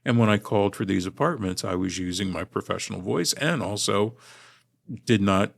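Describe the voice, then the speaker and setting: A man from Los Angeles, a visiting linguistics professor, telling his story in a measured, articulate podcast interview. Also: on the low side, creaky. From Los Angeles, USA. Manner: measured, articulate academic delivery.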